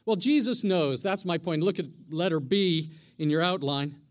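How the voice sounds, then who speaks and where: A man's voice: fairly high pitch, normal speed. A middle-aged man, a pastor, preaching a sermon in a conversational way, often asking the congregation questions.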